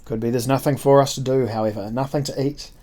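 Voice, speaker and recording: A man reading a novel aloud, voicing a sardonic, amiable tall gentleman traveller with dry, mocking courtesy. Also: mid-range voice, fairly even intonation, quick pace, close to an everyday voice. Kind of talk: audiobook character voice.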